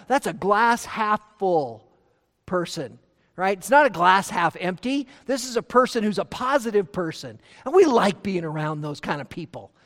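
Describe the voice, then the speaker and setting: A male pastor delivering a verse-by-verse sermon, his voice ringing with a long hall reverb. He presses words hard, then drops almost to a murmur. He reads his scripture quotes slowly and deliberately. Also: high-pitched. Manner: emphatic, swings from loud to hushed; slows down to read scripture aloud. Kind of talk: expository sermon.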